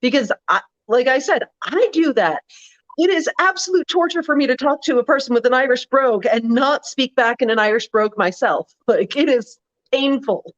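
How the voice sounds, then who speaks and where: Woman co-host, loose chatty political talk, higher voice, dull recording. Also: lively intonation, moderate pace. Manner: chatty, lots of "like", mimics others in put-on voices. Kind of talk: casual political chat. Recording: muffled lo-fi audio.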